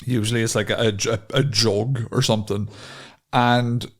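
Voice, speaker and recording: A man's voice: on the low side, flat delivery, normal speed. A young man co-hosting a podcast, chatting casually, rambling and swearing freely with frequent laughs. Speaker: podcast co-host. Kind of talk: casual chat.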